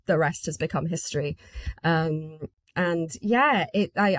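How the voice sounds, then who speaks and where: A woman's voice: on the low side, dry recording. Friendly Welsh woman, dry close sound. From Wales. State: slight cough. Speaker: guest, film festival organiser. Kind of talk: casual interview chat.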